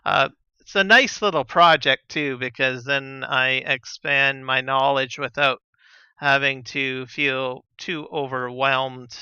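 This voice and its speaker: A man chatting casually on a live gaming stream, relaxed and rambling with lots of fillers and soft chuckles, on a slightly dull lo-fi mic. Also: medium pitch, slow, smooth, no echo. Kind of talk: casual live-stream chat while playing.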